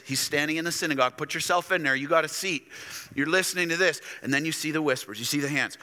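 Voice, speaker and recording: A man's voice: a little high, fast talker, bright, forceful tone. A man preaching a sermon to his church, dramatic and addressing the congregation directly. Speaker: pastor. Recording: echoey church hall.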